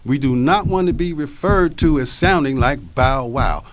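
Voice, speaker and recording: A man's voice: mid-range voice, moderate pace, close to an everyday voice. A man voicing a big male Great Dane who gives an earnest speech to a crowd of dogs, in spoken word storytelling. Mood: rallying. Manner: earnest speechmaking, repeating points.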